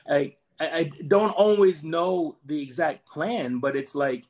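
A man's voice: a little high, lively intonation, unhurried, a little mellow. A man in his forties, a Marine veteran guest, earnestly telling a personal story and often repeating words as he goes. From United States.

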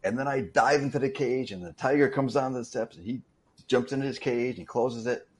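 Guy telling his stunt story, lots of restarts, mid pitch. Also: brisk. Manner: animated anecdote-telling with repeated restarts. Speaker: interview guest, stuntman. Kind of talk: casual storytelling.

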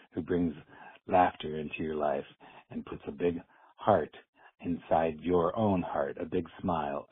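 A man's voice: low-pitched, breathy edge. A man calling in to a show, leaving an earnest, effusive voicemail that repeats phrases. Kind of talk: rambling call-in message. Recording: tinny phone line.

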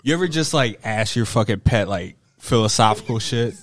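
A man's voice: fairly low pitch, lively intonation, moderate pace. A man in casual podcast chat, telling crude stories in a laid-back way.

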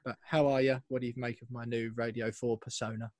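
A man's voice: mid-range voice, level tone, fairly quick, no room sound. A man hosting a football fan podcast, chatty and playful, reading listener messages aloud. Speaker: podcast host. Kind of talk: casual podcast chat.

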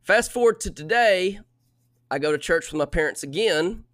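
Young male storyteller, exasperated and lively, slightly high, close dry mic. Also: moderate pace, no room sound. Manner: animated, exasperated retelling. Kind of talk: casual storytelling.

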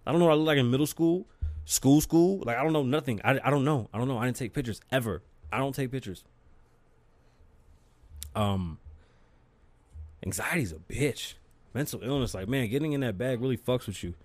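Brisk and mid-pitched, this man pauses often as he hosts his own podcast. He's casual and profane, spinning animated stories with real energy. No room sound is audible.

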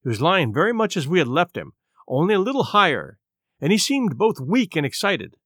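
A man narrating a classic adventure audiobook in the first person, expressive and measured. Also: on the high side, no room sound, clean studio sound.

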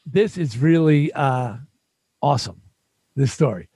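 A man's voice: on the high side, measured pace, breathy edge, no room sound, clean studio sound. An older man from New York, telling stories in a casual chat and acting out quoted voices. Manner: animated, acts out quotes in voices. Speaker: musician guest. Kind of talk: casual storytelling.

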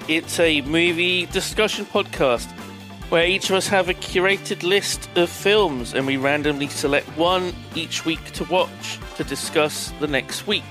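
A man hosting a casual movie podcast, teasing his co-hosts and swearing freely. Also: high voice. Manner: crude, teasing, swears a lot. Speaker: podcast host. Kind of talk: casual chat.

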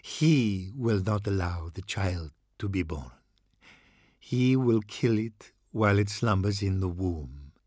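A man voicing a tearful, trembling priest who delivers prophecies of doom in a slow, hushed voice that sinks into whispers. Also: low voice, lively intonation, no room sound, studio quality, full character voice. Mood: ominous.

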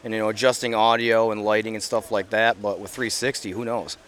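A man's voice: fairly low pitch, little pitch movement, fairly quick, a bit bright, slight background noise. A middle-aged man chatting as a podcast guest outdoors, talking earnestly with plenty of fillers and restarts. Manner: earnest, rambling, many fillers. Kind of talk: casual interview chat. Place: outdoors at an event.

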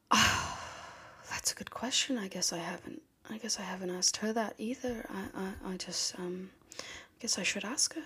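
A woman's voice: medium pitch, moderate pace, creaky, a little mellow, breathy edge. A woman playing an anxious father mouse who speaks with a put-on British accent, hesitant and fumbling as he confesses in an improvised comedy therapy session. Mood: wistful. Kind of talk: improvised comedy role-play.

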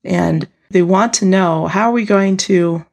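A woman explains workplace types in easy conversation, with a gravelly fry in her voice. She is animated and acts out the people she describes, laughing as she goes. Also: medium pitch, unhurried. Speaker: guest speaker on team dynamics.

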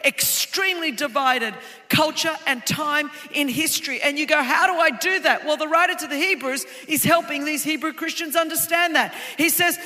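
A woman preaches to a congregation, her high, piercing voice swelling into shouted refrains before sinking to a quiet, intimate tone. Her words ring out in a large hall with a long reverberant tail. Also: normal speed. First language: Greek heritage speaker of English. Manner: impassioned, rising to shouts, then dropping low and intimate. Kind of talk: sermon. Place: church auditorium.

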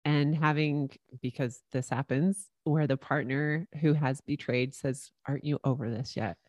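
A woman host with a very deep voice leads the interview. Her sound is dry and close, and her manner is gentle and affirming. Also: steady tone, unhurried, no echo, dull audio. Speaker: podcast host. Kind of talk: interview conversation.

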